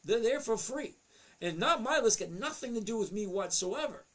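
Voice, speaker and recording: A man's voice: high voice, expressive, normal speed, a bit bright. A man hosting a casual livestream, chatty, reading out viewers' names and questions and muttering to himself as he looks over charts. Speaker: livestream host answering chat.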